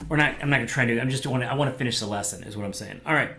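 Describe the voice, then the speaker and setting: A pastor leads a casual small-group Bible lesson streamed to online viewers through a microphone, speaking very fast at medium pitch. He's animated and conversational, using fillers and acting out quotes, and the reverberant audio carries slight hiss or hum.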